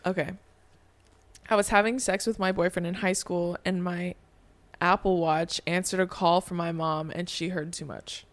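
A woman co-hosting a podcast in casual, animated chat, sometimes mocking people with impressions. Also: on the low side, moderate pace. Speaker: podcast co-host.

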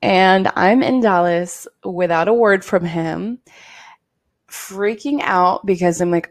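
A young woman in her twenties hosting a podcast, telling a personal story in a candid, animated way and swearing freely. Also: mid-range voice, slow. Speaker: podcast host. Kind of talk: casual storytime monologue.

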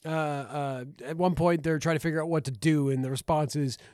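A man's voice: on the high side, fairly even intonation, a little fast, a little mellow, no echo, studio quality. Man retelling movie scenes. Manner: retells scenes with hesitant fillers. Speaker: podcast co-host. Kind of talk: casual film review chat.

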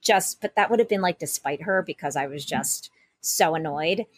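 A woman's voice: low-pitched, normal speed, husky, no echo. A woman co-hosting a casual podcast, telling a rambling story with many restarts and asides. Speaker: podcast co-host.

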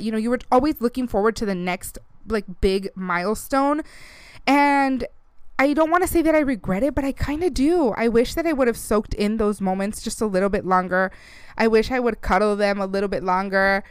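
A woman's voice: medium pitch, fairly quick, clear, resonant tone, no echo. A woman in her thirties hosting a casual podcast, chatty and close to tears, slipping Spanish phrases into her talk. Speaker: podcast host. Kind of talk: casual chat.

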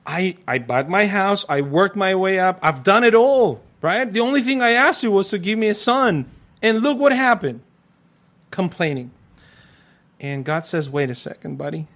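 A man with a somewhat high voice tells his story of faith as an interview guest. He preaches fervently, pushing hard on some phrases and dropping to a hushed intensity on others. His English carries an accent and non-native phrasing. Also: animated, normal speed. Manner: fervent, preacherly, switches between loud urging and soft intensity. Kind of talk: emotional personal testimony.

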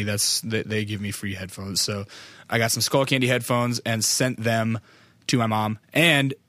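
Loose-talking American podcast host, dry sound. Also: male voice, medium pitch, a bit bright, no room sound. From United States. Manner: rambling, loose and profane, lots of fillers. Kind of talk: casual podcast monologue.

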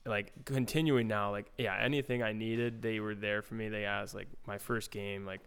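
A man's voice: on the low side, steady tone, moderate pace, a bit bright, clear, resonant tone. A young man, a pro hockey player, casually telling a story in an interview, laid back with lots of fillers. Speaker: guest, pro hockey goalie.

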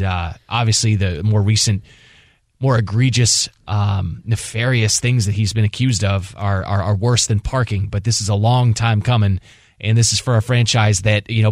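A man's voice: lowish voice, no room sound, studio quality. A man hosting a sports radio show, talking passionately and rambling with restarts. He grew up in the Washington D.C. area. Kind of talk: casual sports talk.

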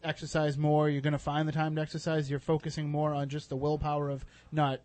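A man's voice: on the high side, completely flat delivery, fast, a little mellow, dry recording. A man hosting a radio interview, asking questions with frequent restarts and reading out show announcements. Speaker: radio host. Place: radio studio.

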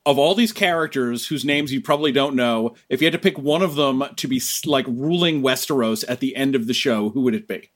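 A man's voice: medium pitch, a little fast, hardly any pauses. A man hosting an interview, asking questions with a dry, teasing manner. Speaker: interview host. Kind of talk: casual interview chat.

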